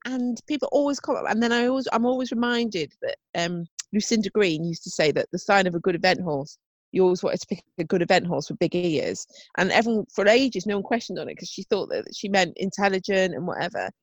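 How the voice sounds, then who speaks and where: A woman's voice: medium pitch, animated, fast talker, dry recording. A young woman co-hosting a podcast, chatting casually, swearing and laughing easily. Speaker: podcast co-host. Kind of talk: casual chat.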